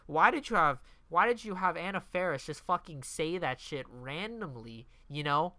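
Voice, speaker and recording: Man, exasperated profane rant, bright crisp voice, dry close sound. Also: on the high side, animated, fairly quick, hardly any pauses, dry recording. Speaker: movie reviewer. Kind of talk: casual rant review.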